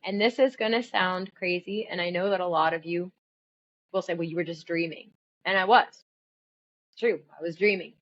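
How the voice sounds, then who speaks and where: A middle-aged woman giving an earnest, animated personal testimony, telling her story with bursts of alarm. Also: on the low side, dull audio. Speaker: testimony speaker.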